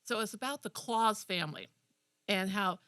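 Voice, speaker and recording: A young woman co-hosting a community TV talk show, retelling a movie with enthusiastic, animated chat. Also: medium pitch, moderate pace, dry recording, studio quality. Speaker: co-host. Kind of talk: casual chat.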